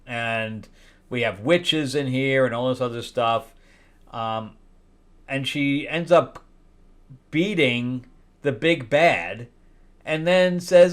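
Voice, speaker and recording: A man reviewing comic books in a loose, casual way, candid and a little wry. His voice sits at a middling pitch, and he talks hesitantly, full of fillers and restarts. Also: slow, long pauses. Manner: candid and wry, with loud incredulous outbursts.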